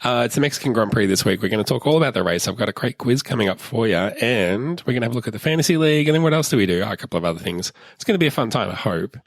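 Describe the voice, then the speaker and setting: A man's voice: mid-range voice, lively intonation, racing, hardly any pauses, no echo. A man hosting a podcast in casual chat, joking and recovering from an illness. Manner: joking, puts on his daughter's voice in quotes. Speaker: podcast host.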